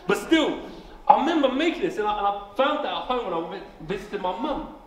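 High, lively young man preaching. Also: fairly quick, slight background noise. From England. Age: 20s. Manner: energetic, jokey asides, repeats words when starting sentences. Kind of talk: family service sermon. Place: church hall. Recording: echoey hall, faint ambience.

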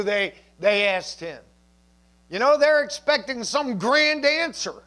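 High-voiced pastor preaching conversationally. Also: male voice, animated, slow, pushed and bright. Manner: conversational preaching with asides and jokes. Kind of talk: sermon. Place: church.

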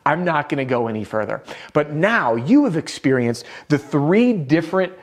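A man's voice: a little high, lively intonation, moderate pace. A man teaching sales straight to camera. His delivery is upbeat and direct, and he drops in some self-deprecating humor. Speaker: sales trainer.

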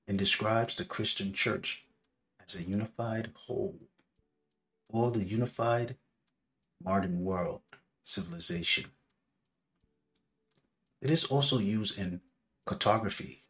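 A man with a low voice reads a history lecture at a very slow pace. He draws out each phrase with deliberate pauses, like a scripted narration. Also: fairly bright tone. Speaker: history presenter.

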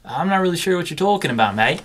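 A man's voice: fairly high pitch, expressive, moderate pace, a bit bright, slight background noise. A man playing a smug young man who came back from a trip with a fake Australian accent, bluffing defensively. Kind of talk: comedy sketch acting.

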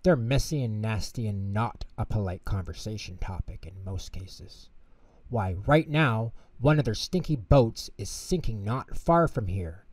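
Storybook role: big gentle whale, voiced by a man, friendly, chatty, lively, mellow-toned. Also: lowish voice, measured pace, slightly rough, dry recording.

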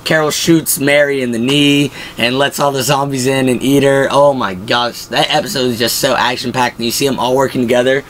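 Excitable man recapping a show. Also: mid-range voice, a little fast, few pauses, slight background noise. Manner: excitable, acts out quotes from the show. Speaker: video host. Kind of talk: casual TV episode recap.

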